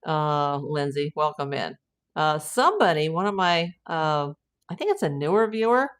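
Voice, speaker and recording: A woman's voice: sits low, expressive, normal speed, clean tone. A middle-aged American woman hosting a casual livestream, rambling through viewer comments with lots of fillers and restarts. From United States. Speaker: private investigator livestream host.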